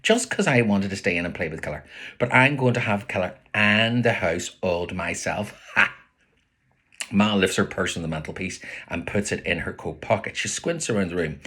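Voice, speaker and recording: A man with a Belfast accent, reading his own novel aloud with lively voices for the characters. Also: deep voice, normal speed, husky. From Northern Ireland.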